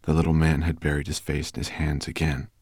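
A man reading an audiobook in a steady, expressive storytelling manner. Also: very deep voice, fairly quick, breathy edge, no echo, studio quality. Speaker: audiobook narrator. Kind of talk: audiobook narration.

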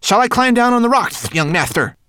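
A man's voice: very high voice, animated, brisk, bright, forceful tone, no room sound, studio quality, voice pushed up, heavily acted. A man voicing a tiny, polite and anxious homunculus servant in a storybook reading. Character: tiny fussy servile homunculus.

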